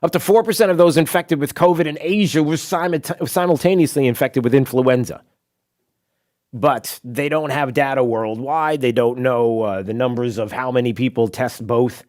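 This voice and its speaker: A man's voice: mid-range voice, steady tone, moderate pace, a little mellow. A man hosting a talk radio show, rambling and sarcastic with plenty of asides. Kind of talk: opinionated talk radio monologue. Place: radio studio.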